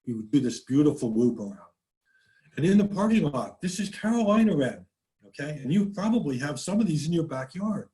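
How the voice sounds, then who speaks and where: A man's voice: medium pitch, lively intonation, normal speed, warm tone, low-quality recording. A man with a New England accent giving a casual nature slide talk, chatty and full of restarts, now and then imitating birdsongs. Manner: folksy, mimics birdsongs, frequent restarts. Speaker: nature presenter.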